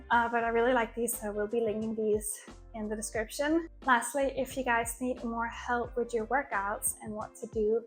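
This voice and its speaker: A young woman explaining workout moves step by step in a chatty vlog, recorded on a small mic. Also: on the high side. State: out of breath at the end. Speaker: fitness creator. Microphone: small new mic.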